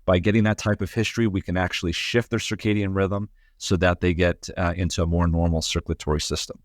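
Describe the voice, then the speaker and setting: A man's voice: low voice, flat delivery, fast talker, no room sound, clean studio sound. A man, a sleep medicine doctor, explaining clinical matters in a radio interview, with frequent fillers.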